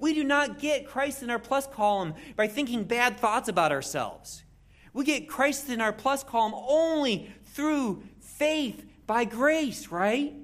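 A preacher giving an expository sermon in an animated way, with jokey asides and frequent restarts. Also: medium pitch, slow.

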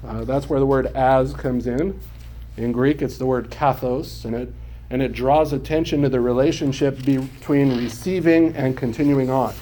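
A man's voice: medium pitch, steady tone, normal speed, mellow, slight background noise. A man teaching a Bible class, explaining Greek words patiently and often checking whether his students follow. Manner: explanatory, checks understanding with questions.

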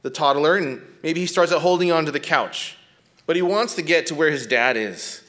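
Soft-spoken male lecturer, conversational. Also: a little high, moderate pace. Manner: often checks in with a tag question "right?"; drops to a soft, gentle tone when describing compassion. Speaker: lecturer teaching biblical counseling.

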